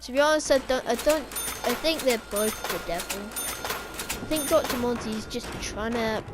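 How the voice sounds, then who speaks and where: A woman's voice: a little high, normal speed, background noise. A woman talking casually about game lore, rambling and correcting herself as she speculates. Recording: game gunfire playing behind.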